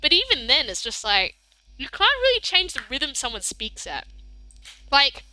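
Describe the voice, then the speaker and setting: An Australian woman streamer chatting casually on stream, talking fast and laughing often. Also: sits high, huge pitch swings, pushed and bright, dry recording. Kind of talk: casual livestream chat.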